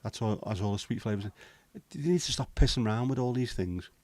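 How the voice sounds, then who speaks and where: A man's voice: on the low side, fast, a little mellow, no room sound. A man, hosting a casual livestream chat, bantering with viewers and swearing casually. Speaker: livestream host.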